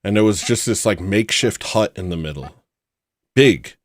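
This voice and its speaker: A man hosting a livestream, telling a rambling personal story in a casual way and acting out the people in it with loud put-on voices. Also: fairly low pitch, lively intonation, moderate pace, a little hiss or hum. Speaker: livestream host.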